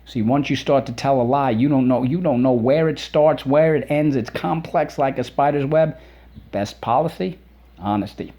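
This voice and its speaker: A man's voice: mid-range voice, normal speed, warm tone. A middle-aged man teaching a spelling lesson to children, repeating words and sounding out their syllables.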